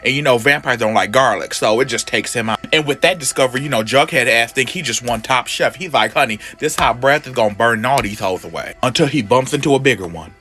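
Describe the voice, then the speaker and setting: A sassy, slangy man recapping a comic book in casual chat, calling everyone honey. His voice is bright and forward, with faint music behind him. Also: mid-range voice.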